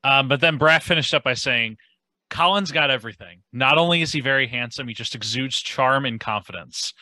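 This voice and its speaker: Very bright-voiced male podcast guest. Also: medium pitch, fairly quick, no room sound, low-quality recording. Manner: hedging, thoughtful, heavy use of "like" and "kind of". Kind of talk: casual podcast discussion.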